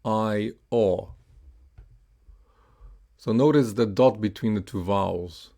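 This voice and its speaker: Low, gravelly, and dark in tone, a man teaches pronunciation in a classroom, slow and patient throughout. He models words slowly for repetition, with frequent "uh"s and "right?" check-ins.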